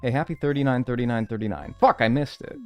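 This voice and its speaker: A man's voice: mid-range voice, quick pace, faint music behind. An American man chatting casually on a live stream while playing a game, joking with his chat and swearing freely.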